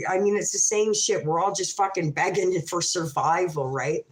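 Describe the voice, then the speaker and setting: A woman telling a rambling, emotional story on a casual livestream, often cutting herself off, restarting and swearing freely. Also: on the low side. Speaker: livestream host. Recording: echoey room.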